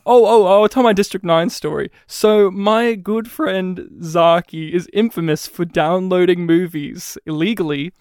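High-voiced animated man. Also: measured pace, hardly any pauses, clear, resonant tone, no room sound, studio quality. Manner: animated storyteller, acts out quotes. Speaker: podcast co-host. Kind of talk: casual chat.

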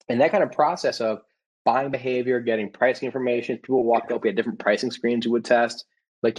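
A man's voice: mid-range voice, fairly quick, breathy edge, low-quality recording. A man in his thirties, a startup founder, talking casually in an interview and acting out the customers he quotes. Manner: animated, acts out quoted customers with restarts.

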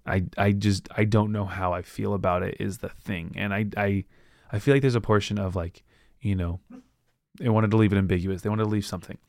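A man's voice: lowish voice, fairly even intonation, creaky, a little mellow, no room sound, clean studio sound. A man hosting a podcast, casually recapping a book in a rambling way and briefly acting out characters' lines. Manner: rambling, acts out characters with quick voices. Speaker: podcast host.

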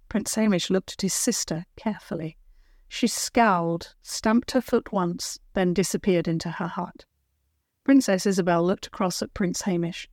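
A woman narrating a children's storybook in a gentle, clear read-aloud manner. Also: on the low side, normal speed, dry recording, clean studio sound.

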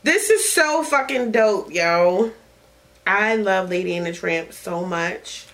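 A woman hosting a casual podcast chat, gushing with excitement and swearing freely. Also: lowish voice, slow pace, rough recording. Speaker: podcast host.

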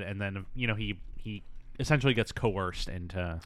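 A man casually talking through a film's plot, dropping dry sarcastic jokes between frequent fillers. His voice is on the low side. The recording is close and dry, with no room sound. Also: normal speed, a bit bright, dry recording. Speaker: co-host. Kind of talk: casual movie recap chat.

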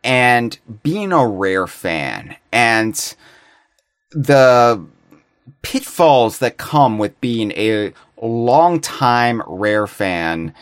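A man's voice: medium pitch, big pitch swings, drawn-out words, smooth, no echo, clean studio sound. A man co-hosting a casual podcast chat, playful and theatrical, with mock-grand phrasing. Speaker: podcast co-host.

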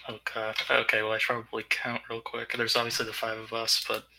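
A man's voice: medium pitch, monotone, fast talker, gravelly, bright, forceful tone, low-quality recording. A man playing in a tabletop role-play, answering in character in a hesitant, unsure way. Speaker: player.

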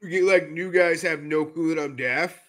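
A man talking as a guest in a casual podcast interview, telling animated stories and often laughing as he goes. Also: a little high, normal speed. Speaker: podcast guest, jiu-jitsu brown belt.

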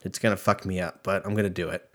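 A man's voice: low voice, fairly even intonation, fast, a bit bright. A young man hosting a solo podcast, rambling in a profane, self-mocking way as he talks. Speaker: podcast host. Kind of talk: casual solo podcast rant.

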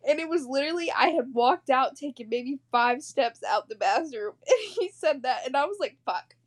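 A young woman with a high voice co-hosting a casual podcast. She talks bluntly, swears freely and laughs often. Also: expressive, moderate pace. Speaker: podcast co-host. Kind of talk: casual chat.

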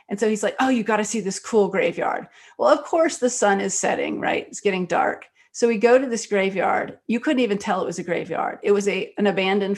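Animated woman telling stories. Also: medium pitch. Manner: animated, quick storyteller with frequent fillers. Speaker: guest author and screenwriter. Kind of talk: conversational interview storytelling.

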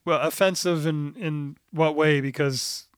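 A man co-hosting a podcast, chatting casually and chiming in with quick asides. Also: a little high, steady tone, clean tone, dry recording, clean studio sound. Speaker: podcast co-host. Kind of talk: casual chat.

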